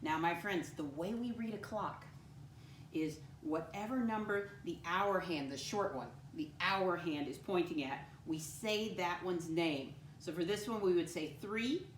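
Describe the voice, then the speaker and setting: Echoey teacher talking to little kids. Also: female voice, fairly low pitch, a little hiss or hum. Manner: encouraging, addresses kids as "my friends", spells words out slowly. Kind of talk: first-grade lesson to camera. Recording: echoey room, voice from a distance.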